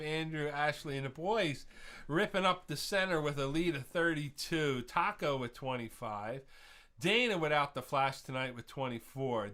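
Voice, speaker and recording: A man's voice: on the high side, bright, forceful tone. A man hosting a live online trivia quiz, chatty and laughing at his own jokes, drifting into rambling rants between answers.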